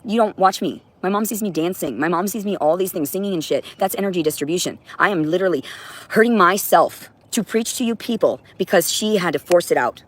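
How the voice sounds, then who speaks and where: A woman's voice: lowish voice, animated, a little fast. Woman ranting profanely on a livestream. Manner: preachy, addresses viewers directly. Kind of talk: livestream monologue.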